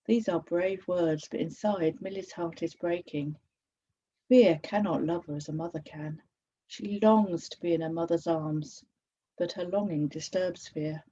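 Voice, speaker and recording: A woman author reading her picture book aloud in a measured way. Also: lowish voice, mellow, breathy edge, muffled recording.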